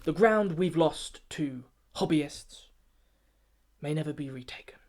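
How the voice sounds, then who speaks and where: A pompous, snobbish poetry gatekeeper, as a man puts him on, declaiming rhymed verse with grand self-importance. His voice sits a little high, measured and rhythmic like an official giving a briefing. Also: a little mellow. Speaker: comic poet. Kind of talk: comic rhyming spoken-word satire.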